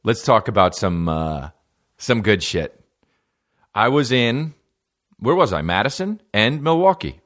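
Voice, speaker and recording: A man's voice: fairly low pitch, very animated, unhurried, pauses often, a bit bright. A man from New Jersey, a comedian hosting his podcast, talking in a rambling, playful, profane monologue.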